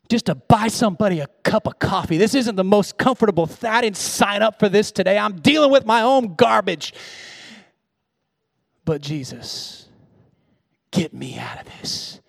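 A pastor preaching a sermon, moving from hushed, tender storytelling to loud, shouted exhortation. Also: male voice, sits high, vocal fry, no room sound, studio quality.

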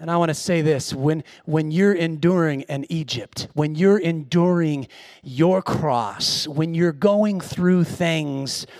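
A pastor preaching a sermon, moving from hushed, tender storytelling to loud, shouted exhortation. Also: male voice, fairly high pitch, takes it slowly, no echo, clean studio sound.

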